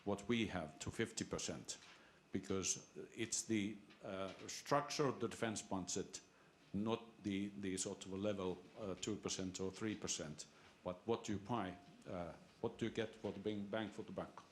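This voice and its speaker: Man, low voice, halting audience question full of fillers. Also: slight background noise. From Finland. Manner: halting, many restarts and fillers. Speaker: audience member asking a question. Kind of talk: seminar question from the floor.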